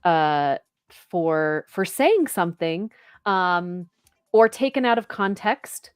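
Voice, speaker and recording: A woman hosting an interview, supportive and quick to agree, leading into a film clip. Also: on the low side, lively intonation, clear, resonant tone, no echo, studio quality. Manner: supportive, frequent short agreements. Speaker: interview host. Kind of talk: casual interview talk.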